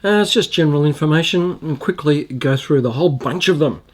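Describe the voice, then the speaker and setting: This Australian food reviewer hosts his own channel, trying foods in a relaxed vlog where he talks loosely, says um a lot and keeps restarting sentences. He speaks fairly quickly in a slightly high voice.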